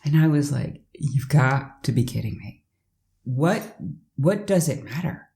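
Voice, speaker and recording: A woman's voice: rumbling low, expressive, a little slow, warm tone. A woman who works as a life coach, telling a personal story to the camera in a chatty way with asides to the viewer. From United States.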